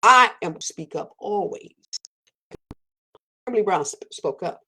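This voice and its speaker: A woman giving an emphatic personal monologue as a podcast host, repeating phrases for weight and jumping sharply up in pitch when stirred. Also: lively intonation, a little slow, sharp tone, husky. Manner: fiery, repetitive, preacherly emphasis with sudden pitch jumps.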